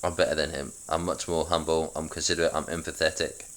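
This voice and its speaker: A man with a very deep voice reads through an old script he wrote. He breaks in with mumbled, self-mocking asides. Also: flat delivery, quick pace, fairly bright tone. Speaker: writer reading his old script. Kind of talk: casual script read-through.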